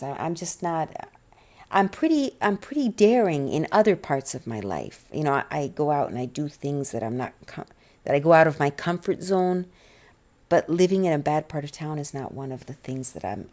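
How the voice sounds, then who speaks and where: A middle-aged woman talking about her life in a rambling, halting way, near tears, full of restarts and fillers. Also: deep voice, expressive, mellow. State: tearful, on the verge of crying. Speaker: vlogger. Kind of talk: personal confessional vlog, soft-spoken.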